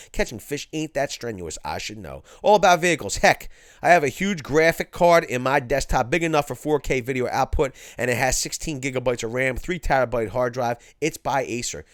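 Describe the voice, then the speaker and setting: Philly-raised male host, casual and slangy, mid-pitched, dry close mic. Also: dry recording. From Philadelphia, USA. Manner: laid-back, slangy, says "cuz" and "yo". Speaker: host reading live chat. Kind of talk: casual livestream chat.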